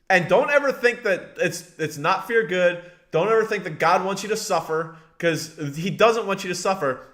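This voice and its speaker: A man's voice: on the high side, fairly bright tone. A man preaching a conversational sermon, speaking straight to his listeners and repeating phrases for emphasis. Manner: addresses listeners directly, many restarts. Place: live stream broadcast.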